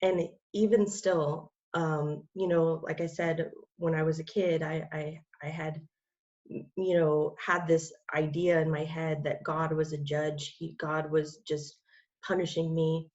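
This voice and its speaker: Woman guest, low flat voice, rambling testimony full of fillers, dull lo-fi sound. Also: a little slow. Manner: rambling, many fillers and restarts. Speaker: interview guest. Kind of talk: personal testimony in conversation.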